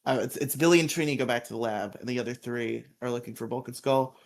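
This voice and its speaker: A man in a casual podcast recap, his voice sitting in an ordinary middle pitch. He tells the story loosely and chuckles often along the way. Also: steady tone, fast talker. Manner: laughs often, quotes characters in put-on voices. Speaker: podcast co-host.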